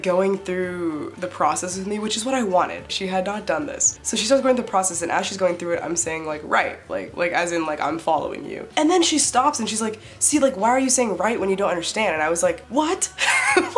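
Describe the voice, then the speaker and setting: A woman's voice: on the low side, brisk, hardly any pauses. A young woman vlogger telling a casual story, chatty and full of fillers, acting out the lines she quotes. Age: young adult. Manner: chatty, filler-heavy, animated retelling with quoted dialogue. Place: her bed, for a short add-on.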